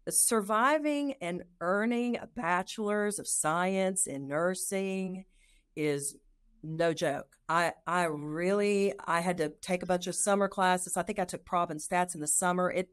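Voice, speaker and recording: A middle-aged nurse and lactation consultant tells her career story in an interview, lively and acting out her own past thoughts. She speaks at a measured pace with a lowish voice and a clean tone.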